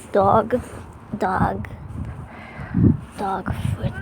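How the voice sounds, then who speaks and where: A woman vlogging casually outdoors on a cold beach, gushing with excited exclamations as she explores. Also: mid-range voice, creaky. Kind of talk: casual vlog commentary. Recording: loud wind noise outdoors.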